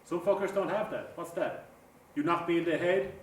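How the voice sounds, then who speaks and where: A man's voice: fairly high pitch, moderate pace, natural voice. An actor playing a troubled young man, muttering a brooding inner monologue about revenge. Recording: echoey room, far from mic, faint noise.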